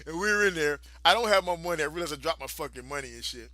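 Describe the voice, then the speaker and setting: A man's voice: a little high, animated, very fast, bright, forceful tone, dry recording. A man, co-hosting a podcast and telling a long profane story with frequent laughter. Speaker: podcast co-host. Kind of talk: casual storytelling chat.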